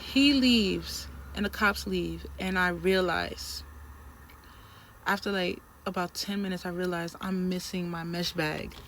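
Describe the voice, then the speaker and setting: A woman telling a story in a casual vlog, animated and emphatic, with lots of slang. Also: on the low side, unhurried, a little hiss or hum. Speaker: trucking trainee telling a story.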